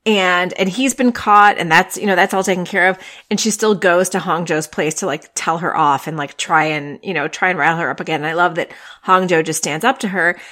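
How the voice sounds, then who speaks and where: A woman hosting a podcast, chatting casually and retelling scenes in a rambling, excited way. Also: lowish voice, a little fast, hardly any pauses. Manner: chatty, with frequent fillers and restarts, retelling scenes. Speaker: podcast host. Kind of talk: casual chat about TV dramas.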